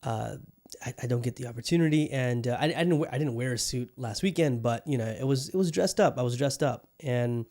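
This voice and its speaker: A man's voice: mid-range voice, brisk, darkish tone. A man hosting a solo podcast in a casual monologue, rambling and restarting his sentences often, loose, joking and profane. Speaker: podcast host.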